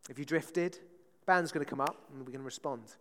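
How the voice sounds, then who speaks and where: A man preaching a conversational sermon, often checking in with the congregation with a quick "right?". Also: mid-range voice, long reverb tail.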